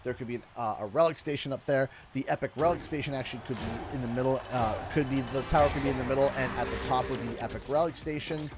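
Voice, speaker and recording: A man from Canada hosting a gaming livestream, rambling with many fillers and restarts, getting loud and excited over donations. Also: medium pitch, fast talker, few pauses, very noisy. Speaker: livestream host.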